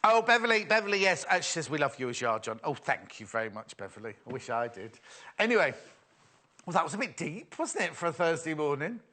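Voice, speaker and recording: A man's voice: a little high, very animated, a little fast, pushed and bright. A man hosting a live shopping show, chatty and self-mocking, often giggling at his own jokes. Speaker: shopping channel presenter. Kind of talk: live TV sales chat.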